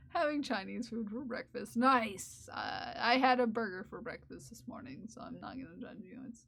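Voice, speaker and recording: A woman's voice: on the high side, normal speed, gravelly, a bit bright. A young woman streaming live and chatting with viewers in a playful, teasing way, laughing often, recorded on close microphones. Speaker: livestreamer who crochets. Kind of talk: casual livestream chat reading viewer comments. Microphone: close ASMR microphones.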